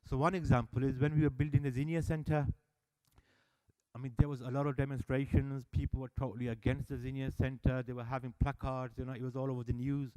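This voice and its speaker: Animated man telling stories. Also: medium pitch, fairly quick. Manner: animated storyteller, acts out dialogue. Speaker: service user speaker at annual meeting. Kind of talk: public speech telling stories. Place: meeting hall.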